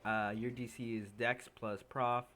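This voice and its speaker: Guy running a tabletop game online, bright tense voice, rambly laughy narration. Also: mid-range voice, level tone, measured pace. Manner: loose, laughing narration full of fillers. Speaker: game master.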